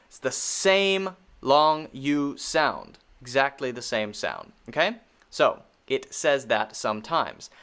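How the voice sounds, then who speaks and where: Slow, lively-pitched American pronunciation teacher. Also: male voice. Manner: models vowel sounds slowly and repeatedly. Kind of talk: pronunciation lesson.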